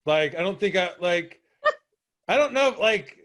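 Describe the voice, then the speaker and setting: A man's voice: sits high, lively intonation, normal speed, fairly bright tone. A man hosting a podcast interview, rambling and playful with lots of fillers. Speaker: podcast host and exam coach.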